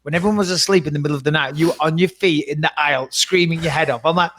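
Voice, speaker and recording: A middle-aged man on a podcast, telling a dramatic story in a lively, swearing, casual way. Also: fairly high pitch, racing, hardly any pauses. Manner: animated, swearing, dramatic retelling. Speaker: podcast co-host.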